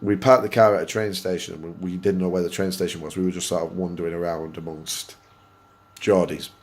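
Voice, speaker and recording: A man from Oldham with a Greater Manchester accent, hosting a gaming channel and telling a story in a casual, animated way, swearing freely and laughing at himself. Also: low-pitched, a little fast. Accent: Greater Manchester English. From Oldham, England.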